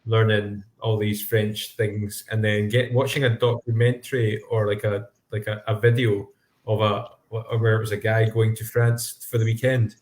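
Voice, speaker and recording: A man's voice: on the low side, flat delivery, normal speed. Rambling young man in an echoey room. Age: young adult. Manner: rambling, restarting sentences as he recalls. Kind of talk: casual podcast chat. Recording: roomy, echoey sound.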